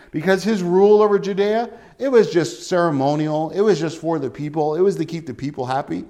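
A man's voice: fairly high pitch, a little mellow. A man preaching a sermon in a conversational way, often asking rhetorical questions.

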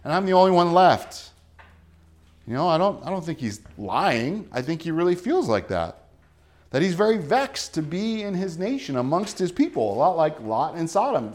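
A man preaching a sermon, earnest and dramatic, dropping to a soft low voice to press his points. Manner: dramatic, acts out quoted voices with rising pitch and volume. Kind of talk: sermon reading and explaining scripture.

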